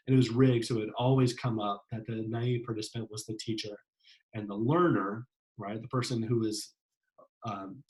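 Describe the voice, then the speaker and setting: A man's voice: fairly low pitch, a little mellow, low-quality recording. A man giving a psychology lecture in a casual, conversational way, often checking in with "right?" and using fillers. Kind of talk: classroom lecture.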